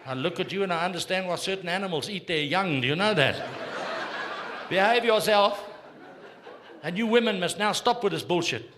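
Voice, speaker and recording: A man's voice: sits high, animated, moderate pace, pauses often, noisy background. A man in his sixties with a South African accent, doing a crude, needling stand-up set on a theatre stage. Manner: brash, crude, needling the audience. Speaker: stand-up comedian. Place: theatre stage before a live audience. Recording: live show with crowd laughter.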